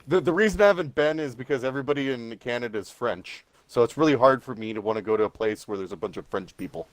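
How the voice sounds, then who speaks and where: A man co-hosting a podcast in casual chat, joking around with quick asides. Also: medium pitch, dry recording. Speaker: podcast co-host.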